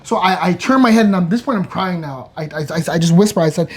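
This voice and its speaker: A man's voice: high-pitched, animated, quick pace, few pauses. A man retelling his partner's labour in a casual, slangy way, stumbling over words and restarting as he gets worked up. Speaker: co-host of a couple's channel. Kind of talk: casual storytelling.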